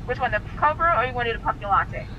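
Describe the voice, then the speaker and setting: Brisk high-voiced drive-thru worker woman. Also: expressive, dull audio, noisy background. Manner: polite, brisk order-taking. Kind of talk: customer service ordering.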